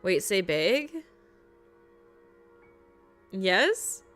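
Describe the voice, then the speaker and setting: An American woman streamer reading a visual novel aloud and chatting in an animated, jokey way, often laughing. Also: medium pitch, very slow, faint music behind.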